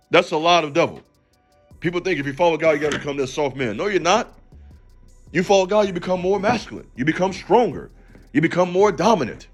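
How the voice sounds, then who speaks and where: A man hosting a faith channel, giving a motivational talk in an emphatic, preachy way and calling out to the listener directly. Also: high-pitched. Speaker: channel host.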